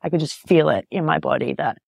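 Deep, gravelly-voiced hesitant woman. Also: fast, darkish tone, dry recording. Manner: hesitant, searching for words, frequent "like". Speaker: podcast host. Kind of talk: casual podcast conversation.

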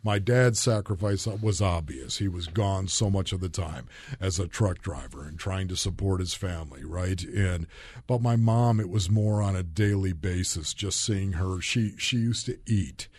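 A low, husky man's voice from Buffalo, New York, belonging to a former football player telling personal stories as a podcast guest. He speaks earnestly and lets his emotion show openly. The sound is dry and close. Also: unhurried, a little mellow, no room sound. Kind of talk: candid personal storytelling.

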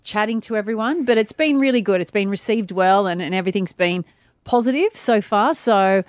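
A woman's voice: mid-range voice, a little fast, no echo, clean studio sound. An Australian woman co-hosting a radio show, chatting and reacting. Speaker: radio co-host.

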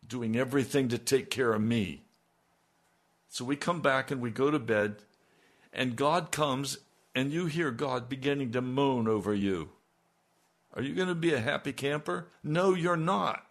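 A man's voice: mid-range voice, fairly bright tone. A man preaching a sermon, asking his listeners pointed rhetorical questions and building to emphatic peaks.

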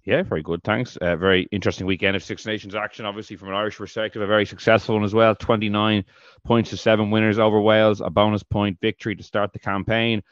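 A man hosting a podcast, presenting in an emphatic, brisk way. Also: on the low side, little pitch movement, no echo, lo-fi sound. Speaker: podcast host. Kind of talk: casual podcast chat.

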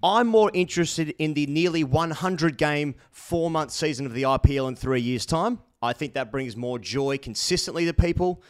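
A man's voice: fairly high pitch, moderate pace, few pauses, smooth. An Australian man hosting a cricket podcast, ranting with mock outrage and plenty of swearing. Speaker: podcast host. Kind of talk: casual cricket chat.

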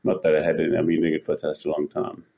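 A man's voice: very deep voice, fast talker, vocal fry. An older man, a podcast guest, talking in casual interview style, telling stories energetically, often repeating words and acting out what others said. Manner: animated storyteller, repeats words, acts out quotes. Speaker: podcast guest, ocean paddler.

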